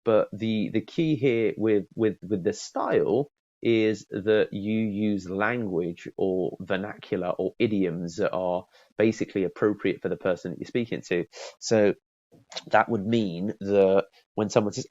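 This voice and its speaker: A middle-aged man talks through a sales lesson in a loose, chatty way, stumbling over repeated words and restarts. His voice sits low. The recording is dry and a little dull, with no room sound. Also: a little slow, darkish tone, no echo. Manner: chatty, repeats words and restarts often, acts out call examples. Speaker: sales trainer. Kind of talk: casual spoken training talk.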